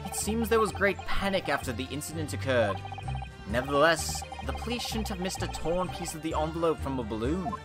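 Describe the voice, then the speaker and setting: A man's voice: a little high, sing-song, brisk. A man voicing a nervous young defense lawyer, hesitant and stammering, over game music. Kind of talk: game playthrough voice acting.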